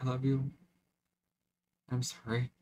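A man's voice: mid-range voice, completely flat delivery, slow, a little mellow, a little hiss or hum. Emotional young man, rambling vlog. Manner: rambling and emotional, with frequent restarts. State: choked up, close to tears. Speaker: vlogger.

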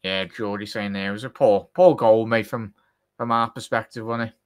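A man hosting a live football watchalong, chatting to viewers and reacting excitedly to the play. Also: lowish voice, moderate pace, clean tone. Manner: excitable, chatty, addresses chat directly. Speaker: watchalong host.

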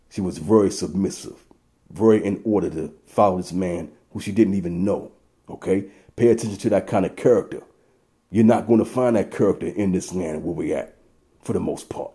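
Low dark-voiced man teaching scripture. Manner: reads verses aloud, then breaks in to address brothers. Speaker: Bible teacher. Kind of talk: scripture reading with preaching.

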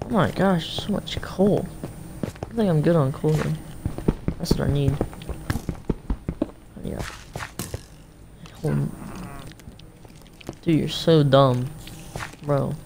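A low, gravelly-voiced young woman chatting her way through a game stream, reacting on the fly and cursing casually. The audio is noisy, with clicking in the background. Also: takes it slowly, pauses often. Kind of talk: casual gaming stream commentary.

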